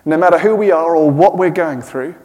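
A man's voice: a little high, fairly quick. A middle-aged man preaching a sermon in a slightly raised voice. His talk is easygoing and dotted with self-deprecating jokes. The sound carries the long echo of a church hall. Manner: warm, self-deprecating humour.

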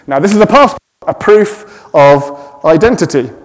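A middle-aged man preaches a sermon in a slightly raised voice that's fairly high, lively in intonation, and moderately paced. He's warm and easygoing, dotting his talk with self-deprecating jokes, and the long echo of a church hall surrounds him.

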